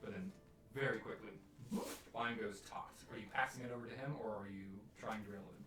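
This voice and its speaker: A man running a tabletop game as game master, narrating scenes vividly and slowing down for eerie descriptions. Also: lowish voice, sharp tone. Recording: roomy, distant mic with music.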